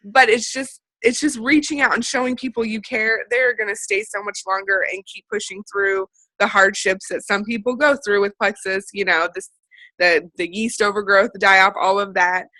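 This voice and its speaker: A woman from central Illinois speaks as a guest on a video call for a sales team. Her voice is bright and forward, and the sound is dry and close. She is chatty and keeps slipping into little acted-out conversations. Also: mid-range voice, fairly even intonation, normal speed, dry recording, low-quality recording. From central Illinois, USA. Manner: chatty, acts out quoted conversations.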